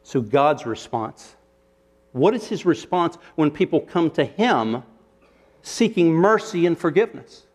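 A man's voice: on the high side, expressive, a little slow. A man preaching a sermon, retelling a parable with rhetorical questions and shifting emphasis. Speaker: pastor.

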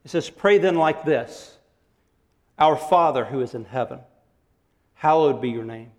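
A man preaching a sermon as pastor, animated, acting out quotes and laughing often. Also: medium pitch, a little slow. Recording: long hall reverb.

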